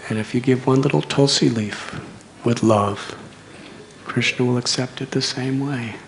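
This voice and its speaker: A man's voice: medium pitch, steady tone, unhurried, creaky, a little hiss or hum. A man, telling a story in a sermon with dramatic swells. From United States. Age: 60s. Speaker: monk preacher.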